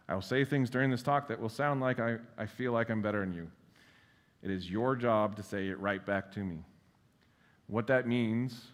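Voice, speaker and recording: A man giving a conference keynote in a casual, self-deprecating way, with lots of fillers and blunt swearing. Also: on the low side. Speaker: keynote speaker. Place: large conference hall. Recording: long reverb of a large hall.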